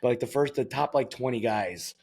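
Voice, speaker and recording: A man's voice: medium pitch, fairly quick, vocal fry, a little mellow. A man hosting a casual podcast, joking and teasing his guest in rambling sentences. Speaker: podcast host.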